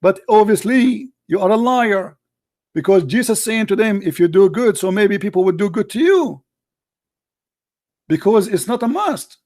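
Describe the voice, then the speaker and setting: A man hosting a heated live call-in debate, combative and interrupting, his voice getting hoarse. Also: high voice, expressive, moderate pace, a little mellow, dry recording, clean studio sound. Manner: combative, interrupting, insulting caller. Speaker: debate show host.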